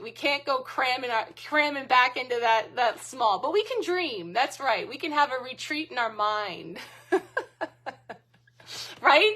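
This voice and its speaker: A bright, fairly high-pitched woman hosts a live card-reading stream. She chats casually with her viewers and laughs often at her own asides. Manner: chatty and laughing, self-mocking asides.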